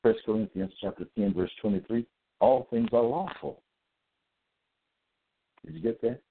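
A man's voice: mid-range voice, animated, measured pace. A man giving a solo lecture, reading out verses, repeating his points and asking listeners whether they got it. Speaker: self-styled preacher. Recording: tinny phone-like audio.

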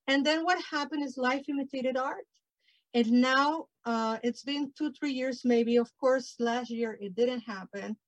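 A woman speaks passionately and expressively to an online audience, her voice pitched a touch high. The sound is dry and close, like a video call with no room echo. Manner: passionate, expressive, grows emotional. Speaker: presenter. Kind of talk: heartfelt virtual presentation.

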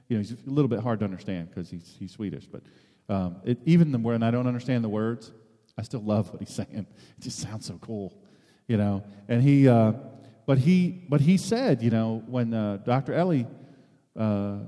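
A man's voice: medium pitch, lively intonation, moderate pace, mellow, in a large hall. A man giving an informal, conversational sermon as a preacher, rambling with many restarts and asides.

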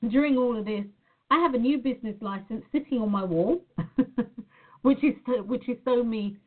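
A woman's voice: fairly high pitch, normal speed. A woman talking earnestly in a motivational style as a life coach, repeating words for emphasis. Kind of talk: motivational talk to camera. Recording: tinny phone-like sound.

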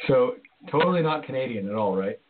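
A man's voice: medium pitch, lively intonation, brisk, a little hiss or hum. A man hosting a casual beer chat, easygoing and hesitant, with lots of fillers. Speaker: podcast host. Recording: lo-fi phone-like sound.

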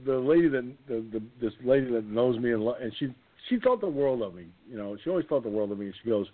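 A man in his sixties hosting a casual talk show, telling a comic anecdote and jumping into silly high voices. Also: expressive, quick pace. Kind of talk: casual storytelling chat. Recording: phone-line audio.

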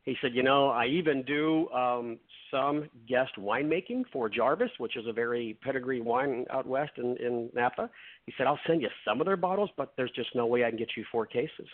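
Male radio guest, storyteller who acts out both sides of conversations and often restarts sentences, mid-pitched voice on a thin phone line. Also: moderate pace. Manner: retells dialogue, frequent restarts. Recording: phone-like narrow sound.

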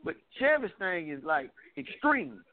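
A man's voice: fairly high pitch, sing-song, unhurried. A man on a call-in show who teases and curses, giving the racers advice in a chatty way. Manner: teasing, profane, chatty. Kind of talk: heated trash-talk call-in show. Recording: phone-line audio with loud background noise.

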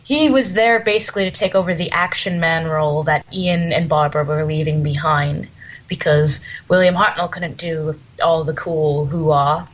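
A woman's voice: low-pitched, low-quality recording. A woman chatting as a guest on a podcast, enthusiastic and giggly, acting out quotes as she goes. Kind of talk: casual podcast chat.

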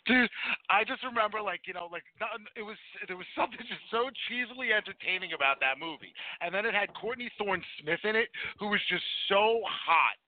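High-voiced guy in his 40s rambling and swearing about old movies, dry tinny phone sound. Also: a little fast. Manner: rambling, profane, laughing storyteller. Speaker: podcast co-host. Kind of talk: casual movie chat.

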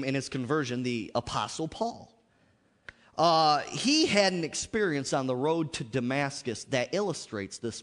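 A man's voice: a little high, fairly bright tone, big-room sound. A man preaching a sermon to a congregation, repeatedly calling out "Amen?" and asking the audience questions. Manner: call-and-response, frequent "Amen?" and "How many of you know". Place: church sanctuary.

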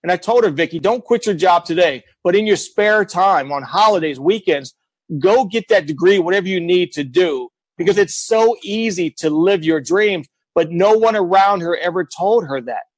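A man's voice: sits high, normal speed, no room sound. Blunt, emphatic middle-aged man. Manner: emphatic, blunt, repeats himself for effect. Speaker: guest. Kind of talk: casual storytelling.

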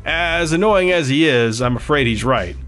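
A man's voice: fairly high pitch, expressive, normal speed, fairly bright tone, faint music behind. A man voicing a tough, wry male ex-fighter who talks bluntly with a sarcastic drawl. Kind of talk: audiobook character voice.

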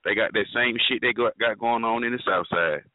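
Lowish guy on a chat show, all puzzled questions, tinny dry line. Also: fairly quick, no echo. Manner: incredulous, questioning banter. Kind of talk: casual chat. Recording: dry, phone-like narrow sound.

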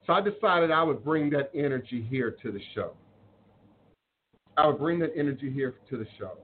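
A man's voice: mid-range voice, animated, moderate pace. A man hosting a spiritual live stream, talking earnestly and preachily to viewers, reading their comments and repeating phrases for emphasis. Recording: phone-like audio with faint noise.

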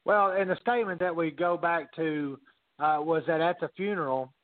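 A man's voice: on the high side, moderate pace, no room sound. A man co-hosting a podcast, talking casually and animatedly, swearing freely. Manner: animated, swears freely, quotes others in voices. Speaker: podcast co-host. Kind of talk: casual profane chat. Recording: dry, phone-like narrow sound.

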